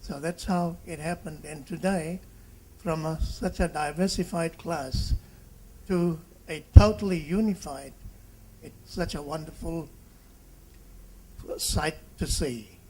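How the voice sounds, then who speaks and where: A man in his seventies from Fiji, a doctor giving a halting reunion speech that turns into an animated patient story. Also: fairly high pitch, a little hiss or hum, poor audio. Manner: halting, with restarts and animated quotes.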